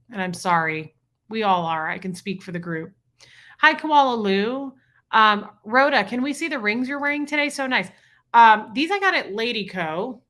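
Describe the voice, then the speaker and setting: Female streamer, crisp bright voice, gushing casual chat with her viewers. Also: medium pitch. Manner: chatty, greets viewers by name, gushing. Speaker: livestream host reading chat.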